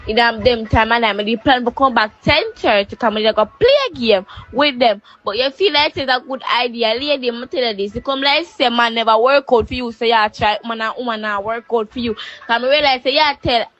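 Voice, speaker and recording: A Jamaican woman delivers a heated, scolding rant full of insults. Her voice is a little high. It comes through as a dull, lo-fi voice-note recording. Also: a little fast, a bit bright, no room sound. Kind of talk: ranting voice note.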